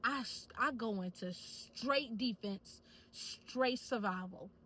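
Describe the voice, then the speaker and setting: A young woman vlogging casually to camera, telling stories in an animated, chatty way full of slang. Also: a little high, slow, husky, rough recording.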